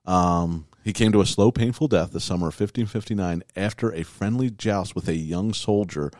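A man with a very deep voice hosts a casual podcast, reading old prophecies aloud and breaking them down. He keeps it loose and joking, full of fillers and restarts. The sound is dry and close. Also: normal speed, a little mellow, dry recording. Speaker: podcast host.

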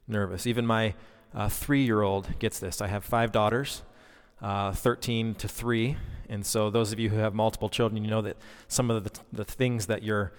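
Earnest pastor preaching in a hall. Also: male voice, on the low side, clear, resonant tone. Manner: earnest, conversational preaching with fillers. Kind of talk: sermon. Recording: long reverb, hall-like.

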